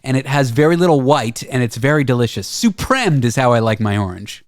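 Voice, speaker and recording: Canadian guy hosting radio, talks on and on with little pauses, dry close mic. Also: medium pitch, big pitch swings, no echo. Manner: chatty, explains at length with hesitations. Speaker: radio host. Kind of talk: casual radio banter.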